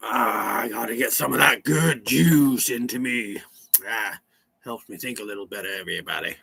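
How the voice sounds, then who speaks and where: A man playing a rambling country cousin, telling a comic story in a slow, folksy way. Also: mid-range voice, vocal fry, sharp tone, slightly rough, heavily acted. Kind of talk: comic character monologue.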